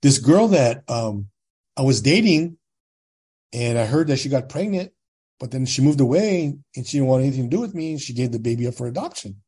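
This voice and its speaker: A man's voice: medium pitch, brisk, slightly rough. A man in his sixties from California, a podcast guest telling his own story in a casual, plain-spoken way and acting out what others said. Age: 60s. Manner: animated storyteller, acts out quoted dialogue.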